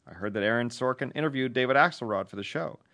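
A man at a mid-range pitch, co-hosting a loose podcast and reading listener mail aloud. He keeps it dry and jokey, breaking into laughs as he goes. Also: quick pace, pushed and bright. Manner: dry, joking, laughs often. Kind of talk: casual chat and reading a letter aloud.

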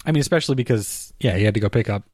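A man's voice: on the low side, rapid-fire, a little mellow, no room sound, studio quality. A man chatting about films with a friend, opinionated and laughing often. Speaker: podcast co-host. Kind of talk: casual film discussion.

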